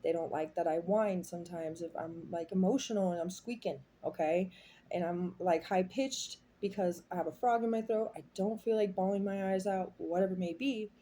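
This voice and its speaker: Low, mellow-voiced woman reading tarot. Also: normal speed, a little hiss or hum. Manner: rambling, heartfelt, confiding. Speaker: tarot reader. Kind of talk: casual tarot reading monologue.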